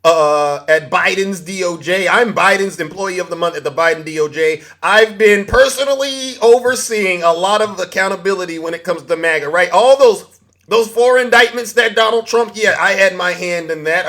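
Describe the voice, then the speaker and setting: A man with a high voice hosts a social media livestream. He boasts theatrically, chuckles often and stops to greet viewers by name. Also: normal speed, a bit bright. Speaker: livestream host. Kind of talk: TikTok live commentary.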